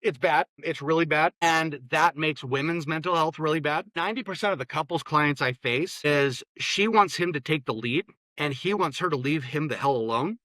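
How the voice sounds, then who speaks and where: Bright-toned blunt male therapist. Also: a little high, normal speed, hardly any pauses, dry recording. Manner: blunt and opinionated, with many restarts. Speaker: guest therapist. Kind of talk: casual interview talk.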